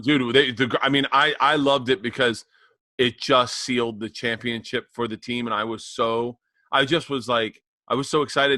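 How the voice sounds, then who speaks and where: Rambling man with a dry, bright voice. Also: mid-range voice, no room sound. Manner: rambling storyteller, chuckling. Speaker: podcast co-host. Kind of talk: casual chat.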